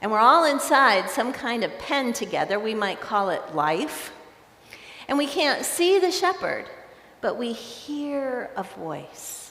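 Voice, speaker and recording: A woman's voice: a little high, very animated, slow, bright, forceful tone. A woman pastor with an American accent preaching a sermon, conversational and storytelling, playful with her congregation. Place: large church sanctuary. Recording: echoey church with long reverb.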